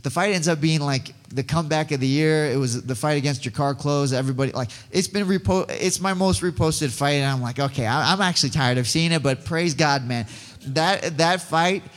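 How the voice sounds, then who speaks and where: Excitable man telling his testimony in a reverberant hall. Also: on the high side, brisk. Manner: rambling, restarts often, excitable storytelling. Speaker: guest speaker giving a testimony. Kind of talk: personal testimony talk.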